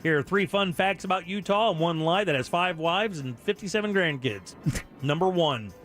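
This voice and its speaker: Man, radio host, high voice, jokey upbeat patter, studio mic, faint music behind. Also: fairly bright tone. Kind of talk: casual radio chat with callers.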